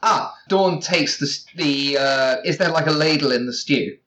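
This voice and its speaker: A player at a tabletop game who describes their character's moves in a relaxed, joking way. The voice sits at a middling pitch and keeps a loose, easy rhythm, full of fillers. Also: moderate pace. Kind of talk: casual tabletop play.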